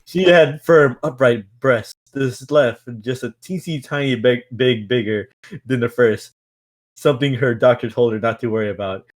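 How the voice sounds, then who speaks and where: A man's voice: mid-range voice, moderate pace. A man reading a novel aloud on a stream in a casual way, with stumbles, restarts and stifled laughs.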